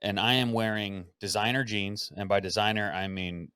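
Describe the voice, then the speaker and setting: Low-voiced man telling a story. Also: moderate pace, clear, resonant tone, no echo, clean studio sound. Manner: animated, acts out quotes, swears freely. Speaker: podcast host. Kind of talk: casual storytelling chat.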